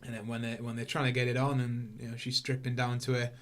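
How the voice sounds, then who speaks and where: A man's voice: medium pitch, monotone, quick pace, a bit bright. A man hosting a casual film review podcast, talking in a rambling, stop-start way. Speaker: podcast host.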